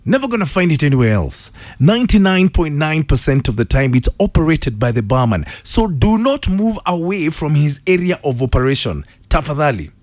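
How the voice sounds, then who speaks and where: A man's voice: a little high, big pitch swings, a little fast, few pauses, a little mellow, dry recording. A man with a Kenyan accent hosting a morning radio call-in quiz, upbeat and playful as he greets listeners. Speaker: radio host. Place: radio studio. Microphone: studio microphone.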